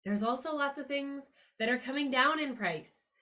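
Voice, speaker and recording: A woman hosting a podcast, giving a motivational money-mindset monologue in an upbeat, emphatic and earnest way, her pitch leaping up on key words. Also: normal speed, sharp tone. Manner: earnest, confiding tone with listeners. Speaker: podcast host.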